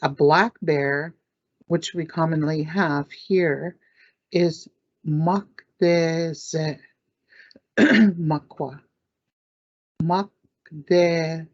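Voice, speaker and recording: A woman teaching words in a language lesson, saying each word slowly, repeating it, and clearing her throat now and then. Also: deep voice, no room sound. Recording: dull lo-fi dry recording.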